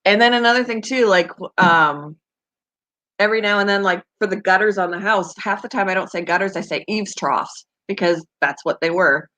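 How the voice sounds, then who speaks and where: On her live stream, a pet channel host from Canada chats casually in a Canadian accent, giggling and answering what viewers write. Her mid-range voice is a bit bright and moves at a normal speed.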